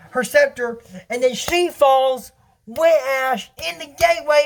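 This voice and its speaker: A man casually recapping a cartoon episode. He rambles and acts out the characters' lines, jumping up and down in pitch. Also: normal speed.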